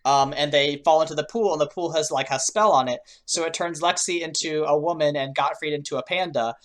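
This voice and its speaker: A woman's voice: low voice, fairly quick. A woman co-hosting a podcast, chatting in a laid-back way about a cartoon, with lots of hedges and fillers. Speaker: podcast co-host. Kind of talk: casual chat reviewing a cartoon.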